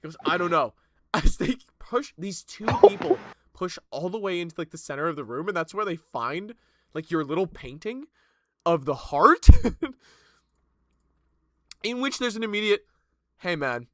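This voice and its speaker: A man's voice: high-pitched, very animated, moderate pace, dry recording, clean studio sound. A man narrating a tabletop game as game master, loose and profane, with frequent laughs.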